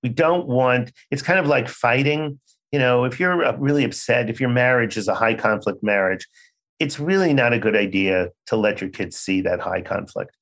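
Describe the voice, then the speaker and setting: A man's voice: mid-range voice, moderate pace, fairly bright tone. An older man, a child psychiatrist, telling stories in an interview, acting out quoted dialogue. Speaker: child psychiatrist, podcast guest. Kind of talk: conversational interview storytelling.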